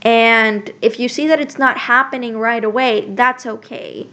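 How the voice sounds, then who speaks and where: A woman's voice: a little high, steady tone, a little slow, bright, forceful tone. A young woman vlogger talking casually to camera, chatty and full of fillers and restarts. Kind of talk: casual advice talk to camera.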